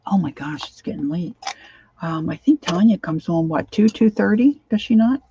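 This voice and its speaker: A woman's voice: lowish voice, lively intonation, moderate pace, mellow, dull audio, slight background noise. A middle-aged woman chatting casually to herself and her viewers while she crafts at home, rambling from one thought to the next. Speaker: craft vlogger.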